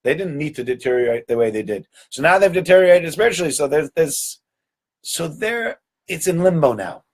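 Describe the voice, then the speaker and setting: A man teaching a weekly Torah lesson, telling stories in an animated way and often repeating words. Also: on the high side, a little fast.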